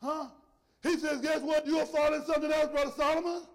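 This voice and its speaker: A male preacher giving an emphatic sermon, swinging between shouted points and soft, low asides. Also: little pitch movement, fast. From rural area. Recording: long hall reverb.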